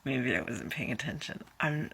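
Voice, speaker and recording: A woman's voice: extremely low pitch, animated, moderate pace, creaky, fairly bright tone, slightly rough. A woman in her twenties chatting through a casual reaction vlog, dramatic and giggly, and tired. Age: 20s. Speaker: vlogger.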